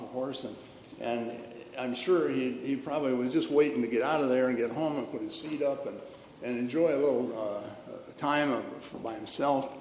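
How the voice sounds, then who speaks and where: An older man, a retired pastor, tells a folksy story from the pulpit, rambling with plenty of fillers and restarts. His voice sits a little high for a man. The sound rings around a big church with a long echo and a faint room hum. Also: a little mellow. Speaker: retired pastor preaching as a guest. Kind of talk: storytelling sermon. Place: church sanctuary. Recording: echoey hall with long reverb, faint room ambience.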